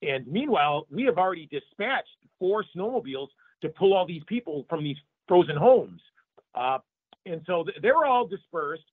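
A male pastor giving an emotional interview testimony, animated and repeating words when moved. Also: a little high, moderate pace, breathy edge, dry recording. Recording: phone-like remote line.

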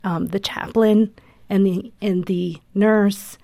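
A woman in a radio interview telling her story with earnest emotion, her voice carrying a touch of vocal fry. The sound is dry and close. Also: medium pitch, fairly even intonation, slow, warm tone, no echo. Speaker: guest, mother. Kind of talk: personal testimony in an interview.

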